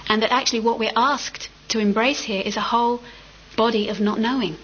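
A middle-aged woman giving a dharma talk as a meditation teacher, gentle and reflective with unhurried pauses. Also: a little high, steady tone, slight background noise. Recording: slightly muffled with faint ambience.

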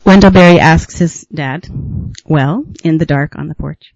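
A man from the United States, teaches at a retreat in a reflective, unhurried way, pausing to muse and laughing softly. His voice sits a bit high for a man. It is recorded close and dry, with a slightly dull, lo-fi quality. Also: gravelly, no room sound. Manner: unhurried and musing, with gentle laughs and pauses. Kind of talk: reflective dharma talk.

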